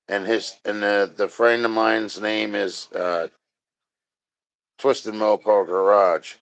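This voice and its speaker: A man with a low voice chats loosely on a live stream, rambling from one thing to the next and joking with his chat. The sound is dry and close, with a dull, lo-fi tone. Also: level tone, slow, gravelly, a bit bright, dry recording.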